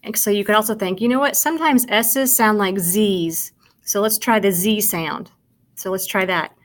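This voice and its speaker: At normal speed and in a mid-range voice, a woman presents a patient, slow phonics lesson on kindergarten sight words. She spells and sounds out each word while speaking encouragingly to the child watching, with praise as she goes.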